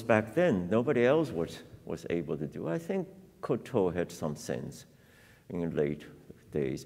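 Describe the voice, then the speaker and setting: Piano teacher guy, slow gravelly voice, lots of uh and little laughs, big echoey hall. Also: sits low, mellow. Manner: reflective, storytelling with frequent laughs and fillers. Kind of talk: master class talk. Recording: reverberant hall.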